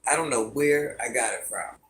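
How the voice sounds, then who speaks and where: A woman in her fifties with a bass voice hosts a casual home livestream at normal speed. She reads viewers' comments aloud one after another and answers them easily, with slight background noise present.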